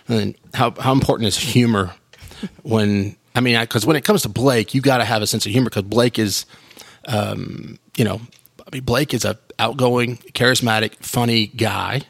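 A man's voice: lowish voice, fairly even intonation, normal speed, a bit bright, no echo, clean studio sound. A man hosting a podcast, rambling and laughing easily in casual chat. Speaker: podcast host.

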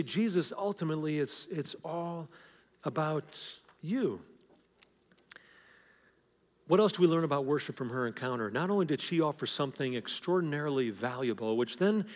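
A man preaching a sermon as pastor, talking in a conversational way and often repeating words as he starts a phrase. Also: on the high side. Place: church sanctuary. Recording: long hall reverb.

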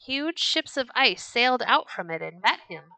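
A woman's voice: a little high, sing-song, normal speed, vocal fry, pushed and bright, no room sound, voice pushed up, full character voice, poor audio. A woman voicing a bold, hot-tempered red-bearded Viking chieftain in a storybook reading, with a hearty, declaiming manner. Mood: excited.

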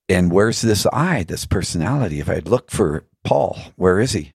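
A man's voice: low voice, animated, a little fast, few pauses, a little mellow, breathy edge, dry recording, studio quality. A man telling reflective spiritual stories as an interview guest, earnest and musing, often putting questions to himself.

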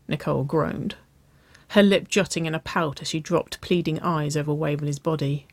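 A narrator reading romance fiction aloud, with a slow, lingering, expressive delivery. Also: medium pitch, no room sound.

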